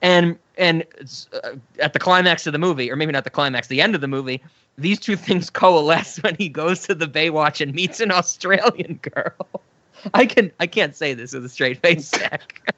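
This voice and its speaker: Brief: a male podcast co-host, chatty and rambling, somewhat high voice, muffled dry recording. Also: normal speed, pushed and bright, no room sound. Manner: laughs a lot, rambling tangents. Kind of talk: casual chat.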